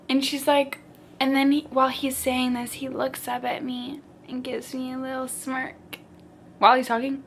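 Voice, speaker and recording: A woman's voice: sits high, little pitch movement, moderate pace, slight background noise. A woman book vlogger chatting casually about her reading, theatrical and full of "like". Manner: chatty and theatrical, heavy use of "like". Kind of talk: casual reading vlog chat.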